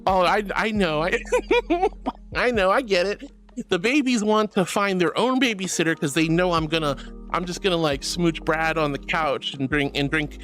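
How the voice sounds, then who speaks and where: A man's voice: a little high, fairly bright tone. A man streaming and reading out chat messages in a playful, giggly, affectionate way. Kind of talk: casual chat. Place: home streaming setup.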